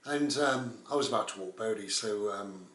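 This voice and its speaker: A man's voice: fairly low pitch, moderate pace, a bit bright. A man, telling a rambling, casual story as a vlogger. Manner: rambling, with frequent "and all the rest of it". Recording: roomy, distant mic.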